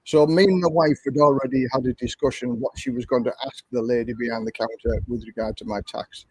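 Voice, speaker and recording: A man's voice: medium pitch, steady tone, a little fast, husky, no echo, poor audio. An older man with an English accent, telling a long story in a chatty, repetitive way while hosting a livestream. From England. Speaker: livestream host.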